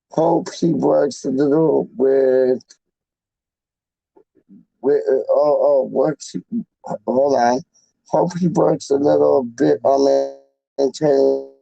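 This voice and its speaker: A fan channel livestream host with a slightly high, gravelly, warm voice rambles casually to his live chat, using slang, repeating himself and calling people "dog" and "man." There's no room sound, and the highs are cut off.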